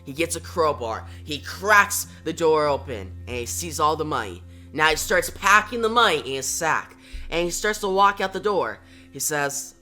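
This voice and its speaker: Man narrating a comic recap, casual, bright voice, faint guitar music behind. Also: fairly high pitch, expressive, moderate pace. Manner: retells plot in plain present tense, reads all dialogue himself.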